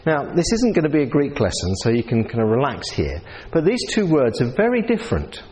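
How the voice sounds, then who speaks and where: A man's voice: mid-range voice, huge pitch swings, brisk, a little mellow. A man with a New Zealand accent preaching a sermon in a conversational way, asking his audience questions. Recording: reverberant hall.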